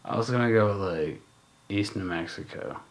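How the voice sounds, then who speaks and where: A man's voice: lowish voice, moderate pace. A man co-hosting a podcast in casual chat, musing and rambling with lots of fillers and swearing. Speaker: podcast co-host.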